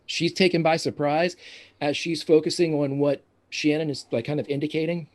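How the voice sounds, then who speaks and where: A man running a tabletop role-playing game, describing scenes in a halting, descriptive way. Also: fairly high pitch, little pitch movement. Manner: descriptive, halting narration with restarts. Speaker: game master.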